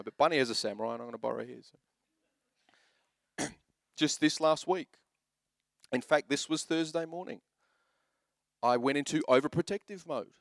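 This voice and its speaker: A male pastor in his thirties preaching a sermon, animated and joking as he tells family stories and urges the men on. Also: on the high side, normal speed, vocal fry, pauses often, no echo, studio quality. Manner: animated, joking storyteller who shifts into exhortation.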